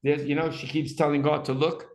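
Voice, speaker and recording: A man leading a Bible study class, reading Hebrew aloud and acting out the text's dramatic cries with animated emphasis. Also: a little high, fairly quick, echoey room. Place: room with a small class.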